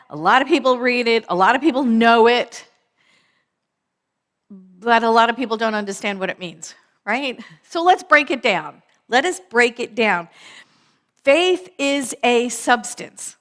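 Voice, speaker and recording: A woman minister giving a conversational sermon, repeating phrases for emphasis, slowing on key words and often asking "right?". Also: on the high side, a bit bright.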